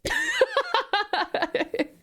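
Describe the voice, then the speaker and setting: A woman's voice: very high-pitched, wildly swooping pitch, extremely slow, sharp tone, a little hiss or hum. A woman streaming live, chatting with viewers in a put-on sugary baby-talk voice, giggling and calling them sweetheart and darling. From Tasmania, Australia.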